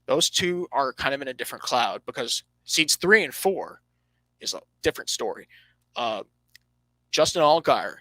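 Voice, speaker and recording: A man hosting a motorsport podcast, breaking down standings and races in an animated, emphatic way, often correcting himself mid-sentence. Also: mid-range voice, no room sound, rough recording. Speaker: podcast host.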